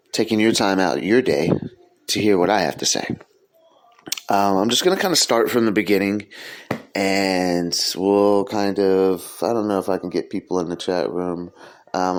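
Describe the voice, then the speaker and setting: A man hosting his own podcast, talking earnestly in a loose, casual way with frequent "um" fillers. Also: deep voice. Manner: earnest, sincere delivery. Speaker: podcast host. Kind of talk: casual solo podcast monologue.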